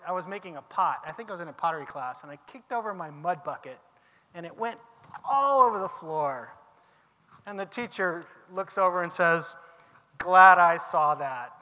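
A man teaching a class, lecturing with lively questions to his students. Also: high-pitched, in a large hall.

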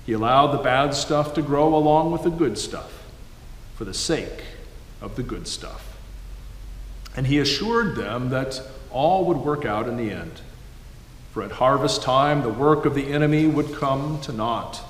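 A man delivering a sermon in a measured storytelling manner. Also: mid-range voice, lively intonation. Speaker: preacher. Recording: echoey hall, faint background noise.

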